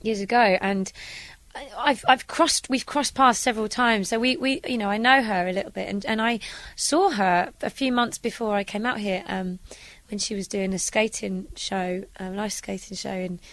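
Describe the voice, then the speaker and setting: A woman's voice: medium pitch, normal speed, fairly bright tone. A young British woman, a stage actress, answering interview questions in a chatty, upbeat way with many restarts. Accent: British English. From England. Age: young adult.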